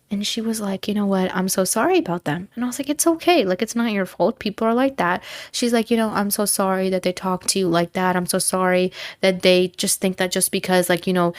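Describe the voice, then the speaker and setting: A woman's voice: fairly low pitch, no echo. Young woman telling a chatty story, dry sound. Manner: animated storytelling, slangy and chatty. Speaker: host. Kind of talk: casual advice chat.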